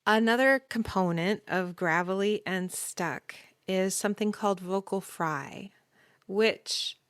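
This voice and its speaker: A woman hosting a podcast voice lesson, explaining calmly and demonstrating sounds. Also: mid-range voice, no echo, clean studio sound. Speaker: voice teacher.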